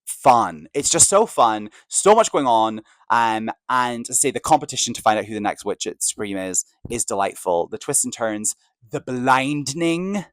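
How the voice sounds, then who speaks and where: A man's voice: medium pitch, lively intonation, moderate pace, a bit bright, no echo, low-quality recording. A man hosting a podcast, gushing in an enthusiastic, chatty way with plenty of fillers. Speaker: podcast host. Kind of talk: casual opinion chat.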